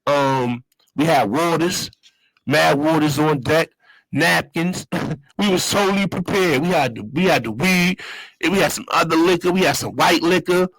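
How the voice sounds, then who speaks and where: A man's voice: a little high, moderate pace, fairly bright tone, no echo, low-quality recording. A man hosting his own show, telling a loose, slang-heavy story in a casual monologue and repeating his phrases. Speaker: show host.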